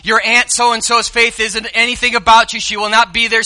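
A man preaching a sermon as pastor, speaking straight to the congregation and swinging from hushed asides to loud exclamations. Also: very high voice, little pitch movement, normal speed, hardly any pauses. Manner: addresses the congregation directly.

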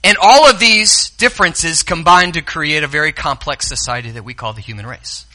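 A man preaching a sermon as pastor in a church sanctuary, dropping to soft asides and rising to loud, drawn-out quotes. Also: fairly high pitch.

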